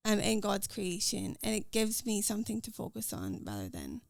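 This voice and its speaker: A woman with a Scottish accent, a podcast guest talking earnestly and quickly about her faith and daily life. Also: mid-range voice, wildly swooping pitch, vocal fry, no echo, studio quality. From Scotland. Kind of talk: casual interview chat.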